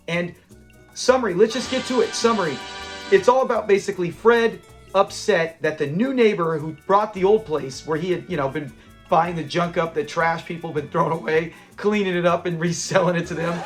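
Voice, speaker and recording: A man with a high voice talks through a sitcom episode with loose, chatty enthusiasm. He keeps jumping into the characters' lines and chuckling as he retells the scenes, with faint music running underneath. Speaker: channel host reviewing a classic sitcom episode. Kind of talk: casual episode breakdown.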